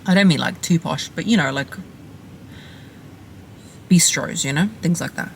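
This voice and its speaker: A woman's voice: low-pitched, normal speed, vocal fry, a little hiss or hum. Emphatic, playful woman giving blunt advice. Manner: emphatic, playful and blunt, with repeated punchy phrases. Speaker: relationship coach. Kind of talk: direct-to-camera advice talk.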